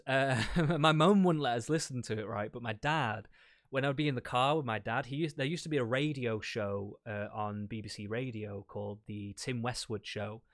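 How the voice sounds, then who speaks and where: An English man in easygoing conversation, his voice at an ordinary middle pitch. He talks loosely, laughs now and then and drops the odd curse. The sound is dry and close, with no room around it. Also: no room sound. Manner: relaxed, swears casually, laughs often. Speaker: debate guest. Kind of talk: casual chat.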